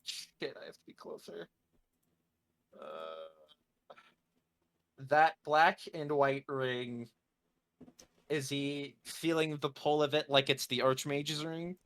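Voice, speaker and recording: A man's voice: fairly high pitch, lively intonation, slow pace, pauses often, a bit bright, slight background noise. A man playing in a tabletop game, thinking aloud with hesitations and the odd curse. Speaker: player. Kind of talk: casual tabletop play.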